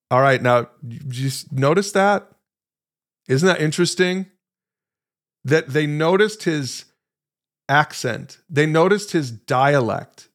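A man hosting a podcast and teaching from the Bible, telling the story with emphatic, conversational energy and speaking straight to his listeners. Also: on the high side. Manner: animated, emphatic storytelling that acts out quoted lines; conversational, addresses listeners directly.

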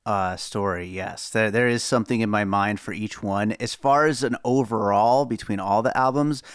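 Smooth-voiced man, hesitant casual chat. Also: fairly low pitch, moderate pace, no room sound, clean studio sound. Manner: mumbling, hesitant, laughs often. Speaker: podcast co-host, musician.

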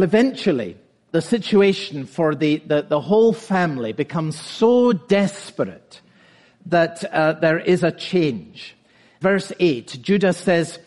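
A man's voice: fairly high pitch, a little mellow, in a large hall. A male pastor preaching a sermon, earnest and building to emphatic points.

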